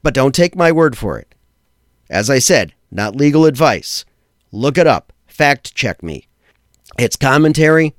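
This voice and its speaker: A man hosting a podcast, giving blunt, opinionated commentary with a sardonic edge. He swears for emphasis and slows down to hit the key phrases. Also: medium pitch, sing-song, no room sound, clean studio sound. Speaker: podcast host. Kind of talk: opinionated tech and law commentary.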